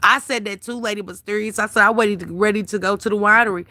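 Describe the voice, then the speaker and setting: A woman runs a casual livestream, reading comments aloud and answering viewers by name. Her voice is bright and forward. The sound is close and dry, with no room around it. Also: medium pitch, steady tone, quick pace, dry recording.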